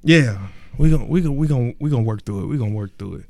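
Man hosting a podcast, casual and emphatic, goes big and loud when making a point. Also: medium pitch, a little fast, gravelly, no echo. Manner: animated and emphatic, rising to loud exclamations; colloquial, repeats words for emphasis. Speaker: podcast host.

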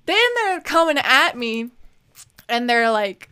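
A young woman with a bright, crisp voice, chatting casually as a podcast co-host. She tells her stories with lots of energy, acting out what people said and swearing freely. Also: fairly high pitch, moderate pace. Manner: animated storytelling, acts out quotes, swears freely. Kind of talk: casual chat.

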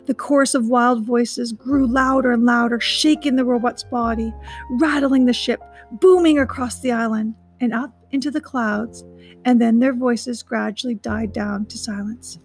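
A woman's voice: fairly high pitch, steady tone, moderate pace, husky, faint music behind, low-quality recording. A woman reading a children's novel aloud, adding chatty asides to her listeners. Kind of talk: storybook read-aloud.

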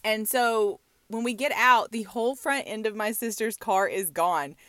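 A young woman from Georgia, co-hosting a podcast and telling a story with animated delivery and frequent laughter. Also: fairly high pitch, normal speed, dry recording. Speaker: podcast co-host. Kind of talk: casual storytelling chat.

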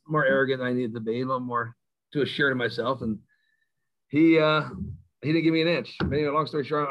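A middle-aged man spins a rowdy yarn about his coaching days, and he often pokes fun at himself. His voice sits at an ordinary pitch. The recording sounds a little dull and lo-fi. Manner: animated, self-mocking storyteller. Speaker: high school football coach. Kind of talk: storytelling in an interview.

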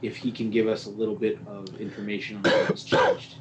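A man speaks haltingly and softly as a player at a tabletop game. His voice sits a bit low. A clear hum and keyboard typing are heard behind him. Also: level tone. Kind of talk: casual game talk.

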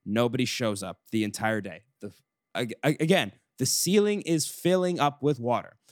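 A man's voice: mid-range voice, normal speed, dry recording, clean studio sound. Young man ranting on a podcast. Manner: animated storytelling, frequent swearing and restarts. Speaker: podcast host. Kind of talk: casual chat.

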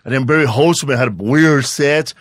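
A man's voice: medium pitch, moderate pace, dry recording, studio quality. A middle-aged man hosting a podcast, chatting casually with a playful, teasing tone, swearing and calling his guest bro. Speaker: podcast host, comedian. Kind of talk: casual chat.

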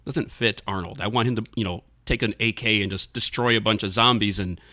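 A man hosts a podcast in an easygoing, chatty way. His voice is bright and forward, and he laughs often. It is recorded dry and close. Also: on the low side, fairly even intonation, fairly quick, no echo. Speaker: podcast host. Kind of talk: casual podcast chat.

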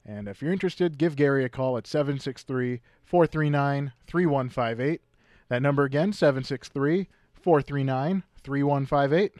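A man's voice: mid-range voice, moderate pace, a little mellow, dry recording. A man co-hosting a local radio classifieds show, steadily reading listings and phone numbers while losing his voice. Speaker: radio co-host.

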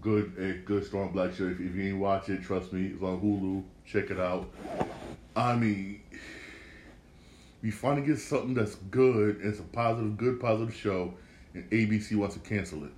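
A man with a fairly low voice runs a loose solo podcast commentary. He swears often, repeats himself and trips over restarts. The sound is echoey, with a faint room hum behind him. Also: fairly even intonation, normal speed, a little mellow. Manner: profane, repetitive, stumbling restarts. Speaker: podcast host.

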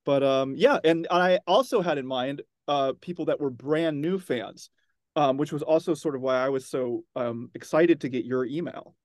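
A man being interviewed as an author, relaxed and wry, with many ums as he talks. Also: a little high, moderate pace, no room sound, clean studio sound. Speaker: author guest. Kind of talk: casual interview chat.

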